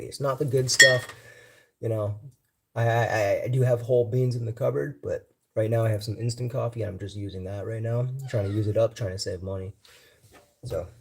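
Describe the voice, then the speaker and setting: A man's voice: medium pitch, vocal fry, a bit bright, slight background noise. A man hosting a casual cooking livestream from his home kitchen, rambling and thinking aloud as he goes. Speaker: livestream host.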